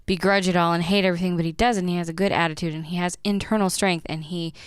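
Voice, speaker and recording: A woman co-hosting a podcast, talking things through earnestly. Her voice is smooth and clear and sits lowish. The sound is dry and close. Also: steady tone, fast, no room sound. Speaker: podcast co-host. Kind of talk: casual chat.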